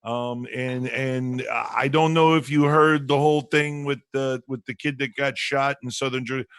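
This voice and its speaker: A radio show host runs a casual talk show from home over a video call, rambling with lots of restarts and fillers. His medium-pitched voice is steady, unhurried, fairly bright, clear, and resonant, and the recording is dry with a clean studio sound.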